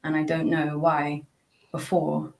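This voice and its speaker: A woman's voice: low voice, completely flat delivery, slow pace, gravelly, darkish tone. A woman guest on a podcast, talking casually and reflectively, chatty with frequent laughs and lots of fillers and restarts. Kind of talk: casual reflective interview talk.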